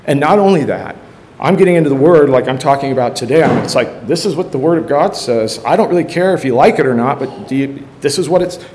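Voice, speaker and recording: A middle-aged man, a high school football coach, giving an earnest storytelling testimony in church, acting out quotes with bursts of energy. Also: expressive, fast, darkish tone, slight background noise.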